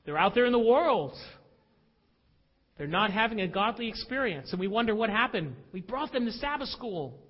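High-voiced man preaching in a hall. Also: big pitch swings, moderate pace, muffled recording. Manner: emphatic, confessional preaching with rhetorical questions. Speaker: pastor. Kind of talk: sermon.

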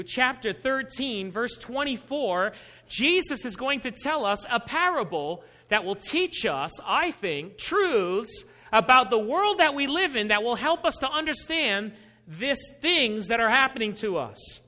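A man's voice: extremely high pitch, sing-song, measured pace, sharp tone. A man preaching a patient Bible-teaching sermon, asking questions and stressing key words. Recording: long hall reverb.

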